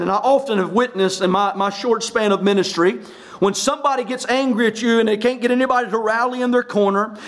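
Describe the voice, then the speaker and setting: Pastor, male, very high pitch, preaching hard with shouted emphasis. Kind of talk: sermon.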